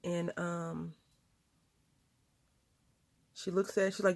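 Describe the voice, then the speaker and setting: A woman chatting casually at home, telling a story while crafting, with lively quoted voices. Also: lowish voice, takes it slowly, creaky, long pauses, dry recording. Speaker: crafting vlogger.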